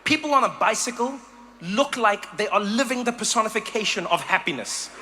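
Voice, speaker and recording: A man from South Africa performing a stand-up comedy set, animated and acting out voices and sounds in sudden bursts. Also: sits high, a little fast, noisy background.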